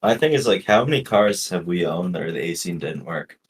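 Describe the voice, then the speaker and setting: A man with a very low voice joins the podcast banter in a laid-back way. He mostly drops short remarks into the conversation. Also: expressive, brisk, a little hiss or hum. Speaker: podcast co-host. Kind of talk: casual chat.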